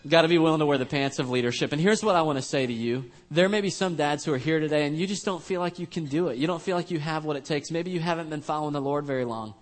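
A man's voice: fairly high pitch, quick pace, few pauses. A man preaching in a church as pastor, telling a family story in a casual, joking, conversational way. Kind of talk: storytelling sermon.

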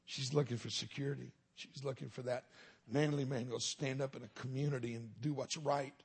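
A man's voice: mid-range voice, fairly even intonation, brisk, gravelly, darkish tone, slightly rough. A middle-aged man, a minister giving a humorous testimony sermon in a folksy storytelling way with punchlines.

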